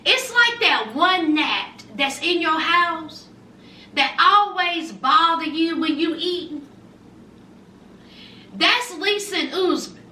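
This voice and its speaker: A woman's voice: very high voice, sharp tone, echoey room, recorded from a distance, a little hiss or hum. A woman in her forties giving a sassy, emphatic recap of a reality show, repeating lines for effect. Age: 40s. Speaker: TV show reviewer.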